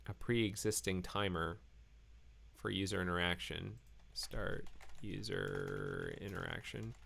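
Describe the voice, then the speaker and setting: Deep slow guy live coding, gravelly and a bit hoarse, lots of ums. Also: animated, a bit bright. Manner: halting, full of fillers and self-corrections. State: losing his voice. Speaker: programmer live-coding host. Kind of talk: thinking aloud while live coding.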